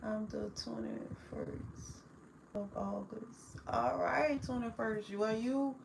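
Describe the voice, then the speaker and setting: A woman, chatting casually with viewers on a livestream, affectionate and quick to laugh. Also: a little high, big pitch swings, creaky, noisy background. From New Orleans, Louisiana. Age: 40s. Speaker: livestream host.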